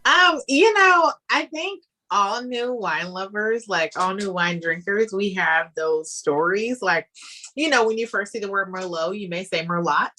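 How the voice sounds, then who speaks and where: Woman guest chatting away, bright tense voice, lots of um and like, animated. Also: medium pitch, measured pace. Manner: animated and chatty, with frequent fillers. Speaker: guest, wine business founder. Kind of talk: casual interview answers.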